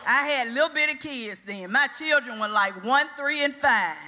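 Older woman, fervent preacher, high bright voice, hall echo, music under. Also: normal speed. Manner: fervent, rising to shouted praise. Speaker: church speaker. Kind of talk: sermon. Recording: echoey hall with music behind.

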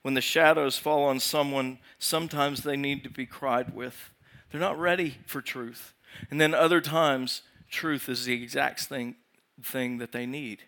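A man preaching a sermon as pastor, posing rhetorical questions to the congregation and swinging from raised emphasis to hushed, slow lines. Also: mid-range voice, steady tone.

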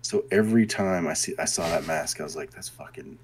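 A man's voice: low-pitched, a little fast, heavy background noise. A man talking loosely in a casual chat about a video game, rambling and swearing freely.

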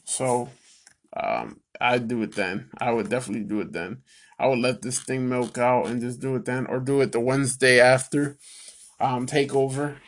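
Speaking at normal speed in a mid-range voice, this male wrestling vlogger delivers a rambling solo rant packed with fillers, addressing his audience as "people." His mood lurches from excited to furious, and he swears as he gets worked up.

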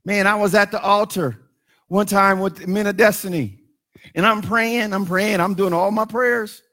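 A middle-aged man, preaching a sermon. His voice sits high and rings bright as he drops to hushed asides, then climbs into sung and shouted lines. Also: steady tone, measured pace. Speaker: pastor.

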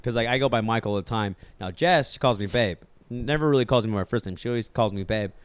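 A man's voice: lowish voice, quick pace, clean tone. Joking young man on a podcast. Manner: animated, joking, laughs a lot. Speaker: podcast co-host. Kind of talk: casual chat.

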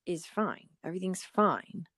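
A woman in her thirties co-hosting a podcast, chatting casually and telling animated stories. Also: fairly low pitch, unhurried, slightly rough, no room sound, clean studio sound. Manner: animated storytelling, acts out inner voices. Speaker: podcast co-host. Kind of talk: casual chat.

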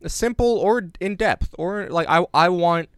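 Male podcast co-host, smooth resonant voice, dry close sound, rambling and jokey. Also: high-pitched, measured pace, no room sound. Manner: jokey, rambling, deadpan asides. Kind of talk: casual chat. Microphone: remote recording on separate devices.

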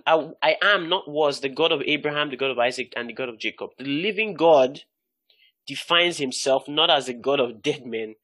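A man teaching the Bible in a lively, conversational way, laughing often and stressing key words. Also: medium pitch, dry recording.

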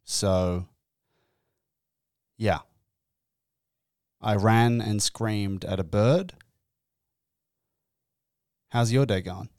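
A young man hosting a comedic podcast, telling a story in an animated, exasperated way and swearing freely. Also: fairly low pitch, very slow, pauses often, no echo, studio quality. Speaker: podcast host. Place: indoors.

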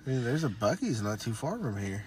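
A man co-hosting a podcast in casual chat, easygoing and laughing along with quick asides. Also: medium pitch, very animated, a little hiss or hum. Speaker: podcast co-host.

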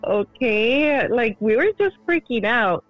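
A woman's voice: medium pitch, a little slow, no echo, highs cut off, faint music behind. A woman guest on a podcast telling a story in casual chat, full of "like" fillers. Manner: chatty, heavy use of "like" fillers.

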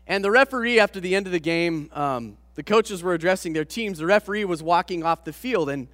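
A man with a high, bright voice tells a sermon story with lively, self-mocking humor. His voice carries a long reverb, as from a large hall. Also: brisk. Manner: animated anecdote with self-deprecating humor. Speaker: pastor.

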